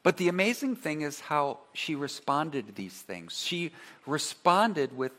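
A man preaching a sermon, earnest and emphatic, who leads his congregation in call-and-response and drops to a soft voice on key phrases. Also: fairly high pitch, sing-song, unhurried. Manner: earnest preaching, rising to emphatic repetition then dropping soft. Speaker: pastor.

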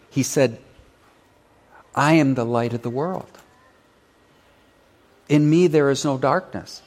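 A male pastor preaching an emphatic sermon to his church, now and then calling on the congregation to answer or read along. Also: mid-range voice. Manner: emphatic preaching with call-and-response asides. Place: church sanctuary.

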